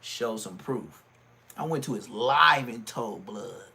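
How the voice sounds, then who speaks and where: A middle-aged man, ranting on his livestream and often jumping into a high, mocking voice. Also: a little slow, vocal fry. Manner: animated, swings into high mocking voice. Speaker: livestream host.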